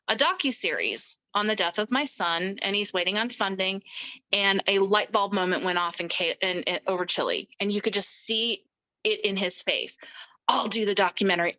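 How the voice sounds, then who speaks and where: Middle-aged woman telling her story, bright voice, gets emphatic and does everyone's voices. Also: medium pitch, low-quality recording. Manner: emphatic, voices the people she quotes. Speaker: interview guest. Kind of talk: recounting a personal story.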